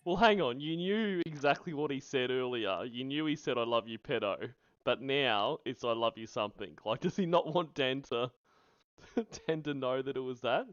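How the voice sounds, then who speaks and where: A man's voice: mid-range voice, moderate pace, no echo. A man hosting a commentary show, mocking a recorded phone call in a sarcastic, laughing way. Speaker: host reacting to recordings.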